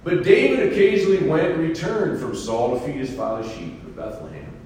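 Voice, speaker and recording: A man's voice: fairly high pitch, fairly quick. Preacher man echoing in a hall. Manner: reads scripture, then comments in an animated, folksy way. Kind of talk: scripture reading with sermon commentary. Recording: echoey hall from far off.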